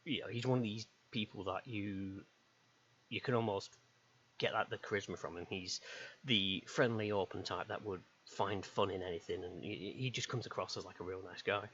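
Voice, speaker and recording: Male UK streamer, low voice, rambling and hesitant, lo-fi mic. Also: fairly even intonation, moderate pace, fairly bright tone. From United Kingdom. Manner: rambling, hesitant, many ums. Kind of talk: casual rambling chat while drawing. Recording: dull lo-fi stream mic with faint hiss.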